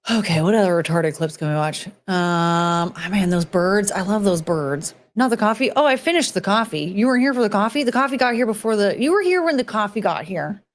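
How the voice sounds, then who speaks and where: A woman's voice: mid-range voice, lively intonation, a little fast, hardly any pauses. A woman host chats loosely while reacting to clips, drifting from topic to topic. She is blunt, swears casually, and speaks in a mid-range voice.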